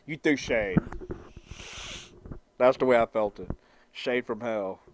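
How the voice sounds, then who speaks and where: A man's voice: mid-range voice, takes it slowly, slight background noise. Rambling young man chatting on stream. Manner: rambling, stammering, laughs at own jokes, swears freely. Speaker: livestreamer reading chat. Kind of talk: casual rambling live-stream chat.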